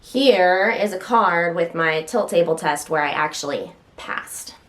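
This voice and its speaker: A woman's voice: fairly low pitch, expressive, a little slow. A woman casually chatting to the camera at home while standing, slightly out of breath, rambling and interrupting herself with occasional stutters. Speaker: health vlogger.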